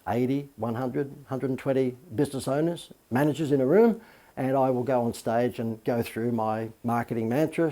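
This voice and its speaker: A man's voice: mid-range voice, warm tone. A middle-aged man who is a marketing coach, giving a casual spoken lesson on marketing with lots of fillers and the odd "okay?" tag. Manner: chatty, many fillers, asks "okay?". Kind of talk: casual video talk on marketing.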